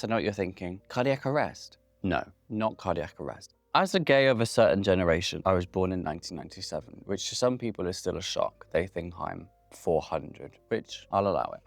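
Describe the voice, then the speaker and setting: A man's voice: lowish voice, no echo. A man in his late twenties hosting a comedic monologue with camp, playful, theatrical asides. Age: late 20s. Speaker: host.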